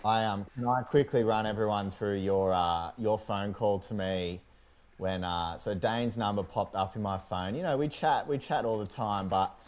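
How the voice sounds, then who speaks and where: An Australian man co-hosting a podcast, talking in an excited, storytelling way and laughing easily. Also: lowish voice, moderate pace. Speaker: podcast co-host. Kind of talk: casual chat.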